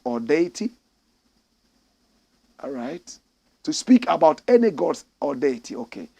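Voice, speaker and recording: A Ghanaian man hosting a live-streamed talk show, reading out viewer messages in a slightly croaky voice and breaking into loud exclamations. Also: a little high, a little slow, pauses often. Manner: animated, bursts into loud exclamations. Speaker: show host. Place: studio in Accra.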